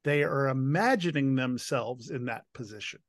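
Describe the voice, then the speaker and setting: A man hosting a casual interview, talking in a slow, drawn-out, effusive way. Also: medium pitch, no room sound, clean studio sound. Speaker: host.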